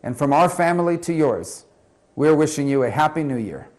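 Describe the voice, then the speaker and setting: A man's voice: a little high, expressive, normal speed, darkish tone. Male senator with an upbeat greeting. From Florida. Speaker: senator and presidential candidate. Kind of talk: recorded New Year greeting.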